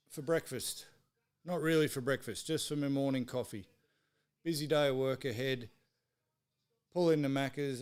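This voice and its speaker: A man's voice: medium pitch, clean tone. A man with an Australian accent hosting a live sports stream, swearing freely as he tells exasperated stories. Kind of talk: casual ranting chat.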